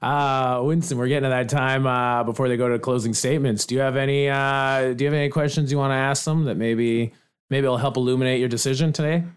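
A man moderating a comedy debate, hesitant and full of filler pauses. His voice has an ordinary middle pitch, and he breaks into laughter often. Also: steady tone, clean tone.

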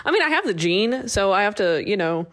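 Lively laughing young woman podcaster. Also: medium pitch. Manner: laughs a lot, quick reactions. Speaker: podcast co-host. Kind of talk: casual chat.

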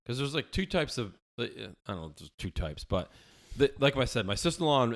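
Young American guy, low-ish voice, swears a lot, acts out the characters in his stories. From United States. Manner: profane storytelling, animated quoted voices. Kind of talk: casual chat.

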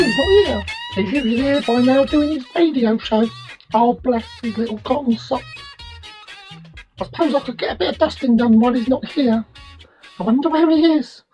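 A woman's voice: high-pitched, animated, moderate pace, pauses often, over music, rough recording. A woman voicing a chatty, doting cleaning lady who fusses and gossips to herself. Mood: fussing.

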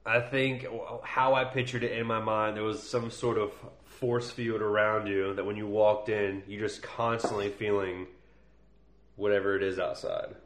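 A man's voice: fairly low pitch, little pitch movement, normal speed, a bit bright. A man co-hosting a podcast, chatting casually, rambling and joking with frequent laughs. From Ohio. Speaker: podcast co-host. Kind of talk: casual chat. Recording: echoey room.

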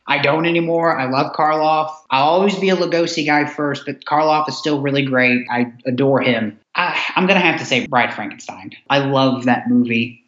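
A man's voice: mid-range voice, fairly bright tone. A man, a podcast guest, chatting enthusiastically about old films, rambling with restarts. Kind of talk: casual chat. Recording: roomy, dull lo-fi sound.

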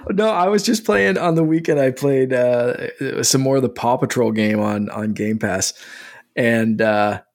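A man's voice: medium pitch, unhurried. A man co-hosting a gaming podcast from his kitchen table, telling chatty stories about his son. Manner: chatty, fond dad anecdotes. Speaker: podcast co-host. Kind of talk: casual chat.

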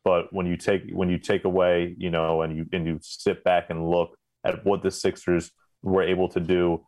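A man's voice: sits low, flat delivery, normal speed, a little mellow, no room sound. A man hosting a casual sports podcast who talks in long run-on sentences with restarts. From Philadelphia. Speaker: podcast host.

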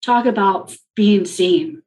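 An interview guest, a woman from Colombia, recounts a personal experience in an earnest, reflective way. Her voice sits in an ordinary middle range, and she brings in other people's words with lively reported speech. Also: mid-range voice, slow, rough recording. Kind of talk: personal storytelling in conversation.

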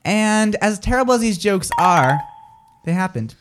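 A man's voice: high voice, animated, background noise. A man hosts a radio segment, timing turns and keeping the score. He teases his co-hosts bluntly and stays businesslike between the laughs. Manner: brisk, teasing, keeps score. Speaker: radio host running the game. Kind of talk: casual banter on a radio show.

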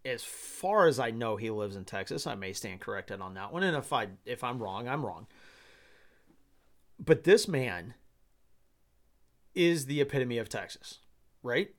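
Animated, laughing podcast host, a man. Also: mid-range voice, measured pace, long pauses. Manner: animated, laughing often, rambling. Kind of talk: solo podcast commentary.

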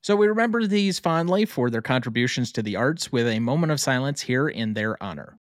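Brisk podcast host, dry close sound. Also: male voice, mid-range voice, expressive, no echo. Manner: brisk, runs the segments. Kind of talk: casual movie podcast chat.

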